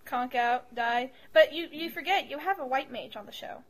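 A woman's voice: sits high, normal speed, a crowd in the background, rough recording. A woman co-hosting a podcast in casual chat, teasing and laughing often. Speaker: podcast co-host.

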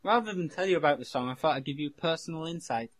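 A man's voice: fairly high pitch, lively intonation, quick pace, low-quality recording. A man co-hosting a podcast in casual chat, rambling and cutting himself off, swearing freely. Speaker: podcast co-host.

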